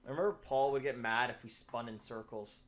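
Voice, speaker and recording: A young man chatting casually while streaming a speedrun, excitable and swearing, breaking into laughter. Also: mid-range voice, a little fast. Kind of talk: casual live-stream chat while gaming.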